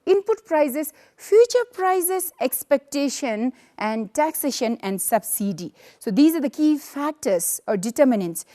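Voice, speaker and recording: Female teacher from Bhutan, high pitch, patient lesson delivery with repeated fillers. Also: sing-song, mellow. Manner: explains slowly with many fillers and repetitions. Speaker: economics teacher. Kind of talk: recorded classroom lesson.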